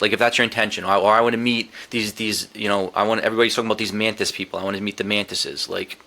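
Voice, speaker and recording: A man's voice: on the low side, steady tone, rapid-fire, few pauses, sharp tone. A middle-aged man as a podcast guest, telling a profane, emotional story with many restarts and quoted inner thoughts. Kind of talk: candid storytelling interview.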